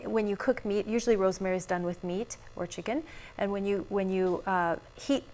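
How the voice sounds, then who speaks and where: A woman doctor giving calm, practical health advice in a casual TV chat, laughing easily. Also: mid-range voice, brisk, a little hiss or hum. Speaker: physician guest. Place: TV studio.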